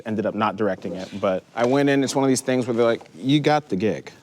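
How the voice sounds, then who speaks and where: A man actor telling an animated, laughing story at a comedy roundtable. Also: fairly low pitch, quick pace. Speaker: actor guest. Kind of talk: roundtable anecdote.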